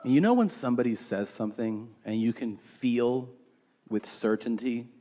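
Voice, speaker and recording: A man's voice: mid-range voice, moderate pace, mellow, in a large hall. A man doing a stand-up comedy set on stage, dry and profane, acting out quotes.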